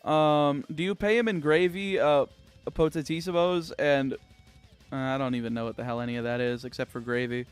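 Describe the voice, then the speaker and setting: A man's voice: mid-range voice, fairly even intonation, moderate pace, clean tone, faint music behind. A young American man chatting on a game livestream, answering viewer comments in a rambling, sarcastic way with lots of restarts. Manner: rambling, sarcastic, many restarts and filler words. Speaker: streamer. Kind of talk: casual livestream chat reading viewer comments.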